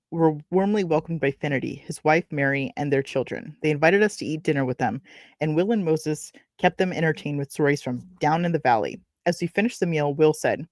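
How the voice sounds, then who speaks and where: Reading a novel aloud, a woman streamer breaks off for chatty, wry commentary and corrects her own slips. Her low-pitched voice has a darkish tone, captured in clean studio sound with no room sound.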